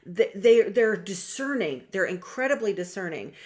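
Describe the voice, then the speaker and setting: A young woman talking casually to her viewers about star signs, chatty and lively, often acting out what other people say. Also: medium pitch, moderate pace. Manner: chatty, animated, acts out quoted voices. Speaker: astrology vlogger and reader. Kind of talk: casual talk to camera.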